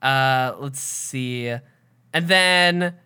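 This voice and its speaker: A woman co-hosting a casual podcast chat, recapping a TV episode from her notes, animated and swearing freely. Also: rumbling low, extremely slow, clear, resonant tone. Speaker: podcast co-host.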